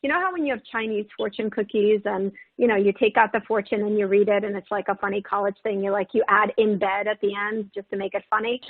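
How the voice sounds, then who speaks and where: A woman's voice: medium pitch, fairly even intonation, fast talker, few pauses, dry recording. Encouraging woman on a tinny call line. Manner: warm encouraging, many "right?" and "like" fillers. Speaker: webinar panelist. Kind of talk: webinar talk on self-compassion. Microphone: video call. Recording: tinny phone-like call audio.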